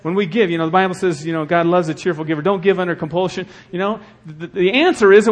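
Husky-voiced pastor, hushed to fervent. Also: male voice, high voice, quick pace, few pauses. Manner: swings from hushed to loud and fervent. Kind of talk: sermon.

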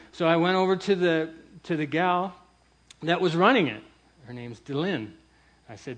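A middle-aged man telling a personal faith story in a lively, animated way, acting out the voices of the people in it and laughing as he goes. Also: high-pitched, moderate pace. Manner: acts out quoted voices, laughs through the story. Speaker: churchgoer telling a testimony.

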